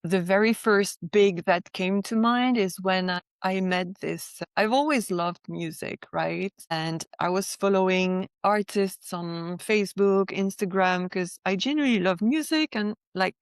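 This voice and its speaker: A woman's voice: mid-range voice, a little slow, hardly any pauses, smooth, no room sound. A young woman from France, sharing a personal testimony as a podcast guest in a chatty way, peppered with "like" and "right?".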